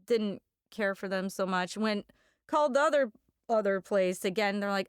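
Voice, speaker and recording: A comedian woman hosting a podcast, telling a story on a phone call, animated and laughing through it. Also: mid-range voice, moderate pace, clean tone, dry recording, studio quality. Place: recording studio.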